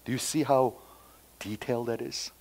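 A man preaching a sermon, acting out quotes and swinging between loud emphatic lines and quiet asides. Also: medium pitch, steady tone, moderate pace. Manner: acts out quoted dialogue, repeats phrases. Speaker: pastor.

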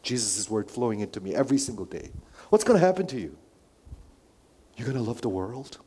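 Preacher who swings loud and hushed. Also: male voice, medium pitch, very animated, a little fast, slightly rough. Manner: swings between loud emphatic lines and hushed whispered asides; repeats phrases, asks the congregation rhetorical questions. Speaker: pastor. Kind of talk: sermon.

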